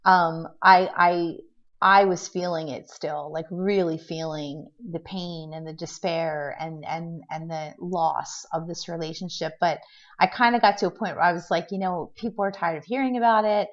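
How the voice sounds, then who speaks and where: A middle-aged woman with a fairly low voice tells a personal story in a loose, rambling vlog style. She restarts her sentences often and leans on fillers, and she acts out what others said. The recording sounds muffled and lo-fi. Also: measured pace. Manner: tends to act out quotes in a lively way. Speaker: vlogger telling a personal story. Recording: dull lo-fi recording.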